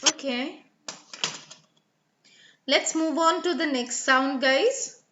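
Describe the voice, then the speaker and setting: Slow and high, with a slightly bright tone and the highs cut off in the recording, a woman runs a live online English pronunciation lesson. She enunciates model words carefully and coaxes each student by name.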